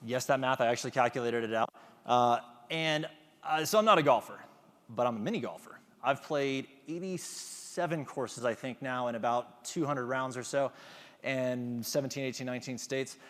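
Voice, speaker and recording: A man's voice: medium pitch, moderate pace, a bit bright. Engaging male speaker in an echoey hall. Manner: engaging, asks the audience questions. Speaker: conference speaker. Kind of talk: motivational talk.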